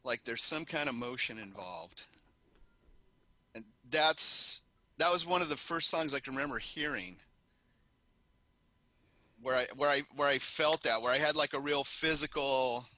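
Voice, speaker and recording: A man co-hosting a rock podcast, telling stories in an animated, laughing casual chat. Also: medium pitch, a little slow, pauses often, no room sound. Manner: animated storyteller, laughs often. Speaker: podcast co-host.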